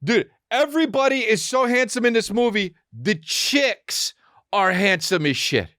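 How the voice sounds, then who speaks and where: A man hosting a podcast, riffing in a rambling comic monologue, excitable and profane, with quick acted asides. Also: high-pitched, no room sound, studio quality. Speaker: podcast host.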